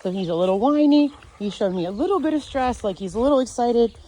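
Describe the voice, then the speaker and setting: A woman dog trainer teaching outdoors, calm and sure as she explains leash handling. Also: fairly high pitch, fast, a little hiss or hum. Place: outdoors near a fenced dog area.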